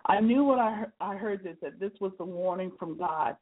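A woman author reading aloud from her own memoir in an earnest, measured storytelling manner, with a husky voice. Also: medium pitch. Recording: tinny phone-like sound.

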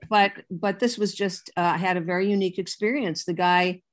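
A woman's voice: on the low side, fairly quick. An older woman, an author and writing teacher, telling a funny story as an interview guest, acting out the voices and laughing often. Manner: lively raconteur, acts out quotes, laughs often.

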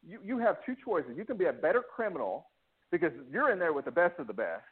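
A man's voice: a little high, big pitch swings, fast talker, slightly rough, phone-quality sound. A man being interviewed, telling his own story with lots of restarts and acted-out quotes. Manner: emotional, restless, many restarts and acted-out quotes. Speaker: interview guest. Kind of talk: candid personal storytelling.

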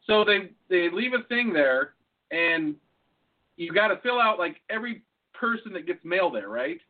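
A man's voice: sits high, animated, moderate pace. A man co-hosting a casual podcast chat, swearing freely and acting out both sides of phone calls as he tells stories. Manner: profane storyteller, acts out phone calls. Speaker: podcast co-host. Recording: tinny phone-like sound.

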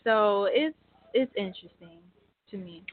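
A woman co-hosting a casual podcast, presenting a topic with many pauses and filler words. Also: mid-range voice, expressive. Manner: hesitant, lots of filler words. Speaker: co-host. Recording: phone-like thin sound.

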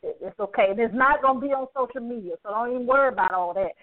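A woman's voice: fairly high pitch, racing, crowd noise. A woman hosting a podcast, effusive and emotional, laughing often as she signs off the show. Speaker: podcast host. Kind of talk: animated show sign-off. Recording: phone-like narrow sound.

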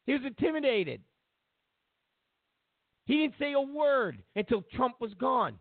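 A man hosts a political commentary show, delivering an opinionated rant full of sarcasm, mocking others in exaggerated put-on voices and repeating himself for emphasis. His voice is extremely high, sing-song and a little slow. The recording is dry with no room sound and a narrow, phone-like quality.

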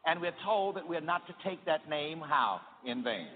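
High, lively male preacher in a hall. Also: normal speed, hardly any pauses, a little hiss or hum. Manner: emphatic, repeats phrases for the congregation to echo. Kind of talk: sermon with call-and-response. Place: church hall with a congregation. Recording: tinny archival sermon recording in a reverberant hall.

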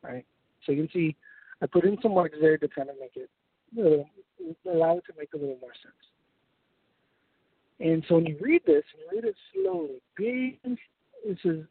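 A man's voice: fairly high pitch, huge pitch swings, moderate pace, vocal fry, pauses often, husky, no room sound. A man preaching a Bible study sermon, explaining scripture step by step and often checking in with his listeners. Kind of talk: sermon-style Bible teaching. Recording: tinny phone-like sound, dry.

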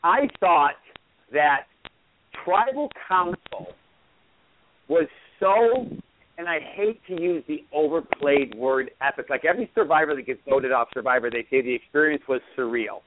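A man's voice: fairly high pitch, moderate pace, slight background noise. A man hosting a casual call-in show, rambling with lots of restarts and repeats. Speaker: host. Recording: tinny phone line.

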